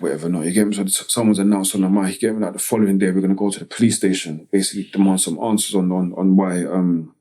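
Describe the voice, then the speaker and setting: A man from Tottenham with a North London accent, telling a personal story as a podcast guest in slangy, halting speech full of "you get me" tags. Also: deep voice, mellow, breathy edge. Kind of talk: casual storytelling interview.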